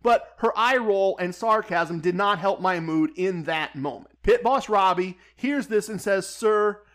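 Man, storyteller, wry and deadpan, high-pitched voice. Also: a little slow. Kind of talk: personal anecdote storytelling.

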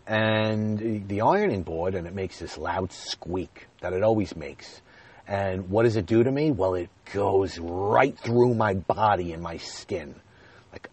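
A man's voice: deep voice, slow, darkish tone, slightly rough, no echo. A man in his forties telling viewers a candid, emotional story in a rambling, self-deprecating way. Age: 40s. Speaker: vlogger.

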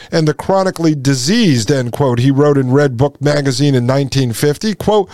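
Give me an indignant male host reading aloud and mocking what he reads, slightly high-pitched and dry. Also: a little mellow, dry recording. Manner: indignant, sarcastic asides between quoted passages. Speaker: podcast host. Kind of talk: commentary reading aloud from an article.

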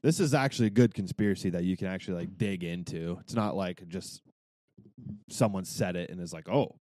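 A man's voice: low voice, a little fast, warm tone, no echo. A man co-hosting a podcast in casual chat, hesitant at first and then eager to explain. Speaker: podcast co-host.

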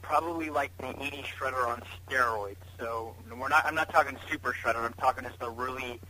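A man's voice: mid-range voice, fairly quick, bright, forceful tone, a little hiss or hum, low-quality recording. A man chatting as a guest on a podcast, rambling with fan enthusiasm and lots of fillers. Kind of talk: casual chat over a call.

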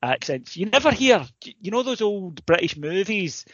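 A man's voice: high voice, very animated, moderate pace, fairly bright tone, no echo. A man co-hosting a casual comedy podcast, telling stories animatedly and swearing freely. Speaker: podcast co-host. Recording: dull lo-fi sound, dry.

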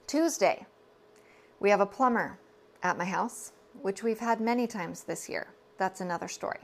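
A woman's voice: medium pitch, moderate pace, gravelly. A woman, telling a personal story on her podcast in an earnest, confiding way, full of asides and self-corrections. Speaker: podcast host.

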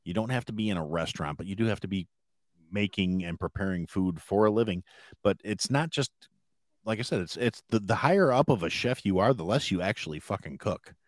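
A man co-hosting a podcast in casual chat, speaking haltingly with many restarts and a dry manner. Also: on the low side, animated, no echo. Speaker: podcast co-host.

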